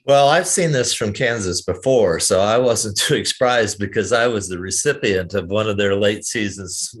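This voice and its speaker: An older man with a low voice rambles in a folksy, easygoing way. He co-hosts a podcast and tells his stories with plenty of fillers and restarts. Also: moderate pace. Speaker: podcast co-host. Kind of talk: casual podcast chat.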